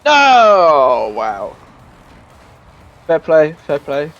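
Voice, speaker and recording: A man giving casual gameplay commentary as a streamer, chatty and self-mocking, with bursts of excited shouting. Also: a little high, measured pace, muffled recording.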